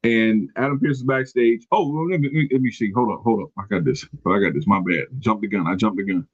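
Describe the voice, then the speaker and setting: A man's voice: on the low side, quick pace, slightly rough, no echo, lo-fi sound. A man hosting a podcast, recapping casually from his notes, rambling and correcting himself as he goes. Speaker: podcast host. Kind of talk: casual wrestling recap chat.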